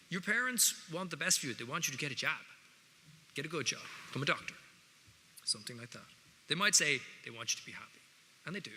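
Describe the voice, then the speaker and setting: A man's voice: mid-range voice, bright, forceful tone. A man with an Irish accent giving a speech to students, wry and conversational with jokey asides, in a large hall. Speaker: guest speaker. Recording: reverberant hall, faint noise.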